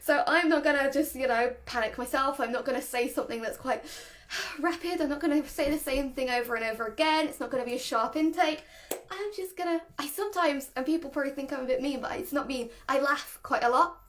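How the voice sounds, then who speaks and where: A young woman explains handling a nervous dog in an easygoing, talkative way. Her voice sits high and bright in pitch, and she laughs easily between points. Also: fast talker, a little hiss or hum. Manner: chatty, laughs often, demonstrates voices. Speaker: dog trainer. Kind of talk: casual explanatory talk to camera.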